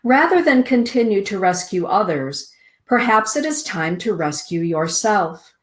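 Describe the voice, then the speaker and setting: A middle-aged woman hosting a spiritual show, reading oracle cards aloud in a soothing, deliberate way. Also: medium pitch, sing-song. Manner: slow, soothing, deliberate delivery with drawn-out words. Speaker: host giving oracle card readings.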